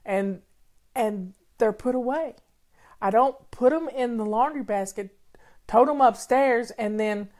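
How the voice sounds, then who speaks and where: Her voice is medium-pitched with a darkish tone. An older home-organizing host, she chats folksily with viewers in a casual live session, speaking over faint music in the background.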